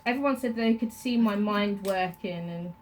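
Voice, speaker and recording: A woman's voice: medium pitch, moderate pace, a little hiss or hum. A woman in her forties with a South London accent, a barber chatting and telling childhood stories while she works, often acting out family members' voices. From south London, England. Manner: chatty storyteller who acts out family voices. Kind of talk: casual chat while cutting hair. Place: barber shop.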